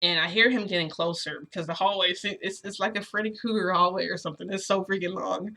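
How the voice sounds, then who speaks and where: A woman's voice: medium pitch, steady tone, quick pace, bright, forceful tone. A woman telling a personal story in a casual, rambling way, full of fillers. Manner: rambling, lots of fillers like "like" and "you know". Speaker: storytelling vlogger.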